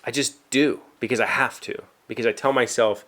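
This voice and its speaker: A man's voice: lowish voice, animated, brisk, few pauses, fairly bright tone. Rambling West Virginian man in his workshop. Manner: rambling, self-deprecating, with frequent fillers and restarts. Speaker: vlogger, show host. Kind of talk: casual solo chat. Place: home workshop.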